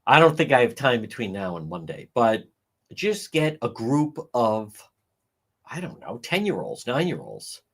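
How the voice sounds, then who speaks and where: A medium-pitched man talks in an unhurried way with big pitch swings, offering blunt, profane live commentary on a livestream mic. Sarcasm runs through it as he mocks people by reenacting their words.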